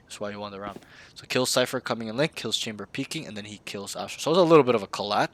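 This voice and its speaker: A man's voice: on the low side, racing. A man coaching a player in a casual game review, blunt and slangy, often swearing.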